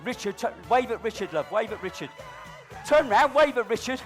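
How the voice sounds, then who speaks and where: High-voiced man teasing a crowd. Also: lively intonation, brisk, soft background music. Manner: cheeky, teasing, mock-dramatic, shifts between loud announcing and low asides. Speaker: balloon-modelling comedy entertainer. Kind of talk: live stage comedy patter with audience. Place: stage before a live audience.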